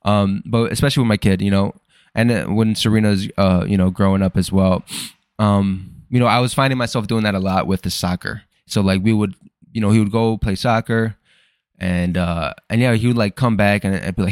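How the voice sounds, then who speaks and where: A man's voice: on the low side, steady tone, normal speed, darkish tone, no room sound, studio quality. A young man hosting a podcast, rambling through a casual, profane and self-deprecating personal monologue. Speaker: podcast host.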